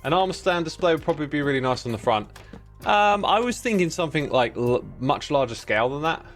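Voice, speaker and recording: A man's voice: on the high side, big pitch swings, fairly quick, soft background music. A man in his thirties chatting casually on a game livestream, easygoing and rambling, reading out viewer names and messages. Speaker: livestreaming gamer.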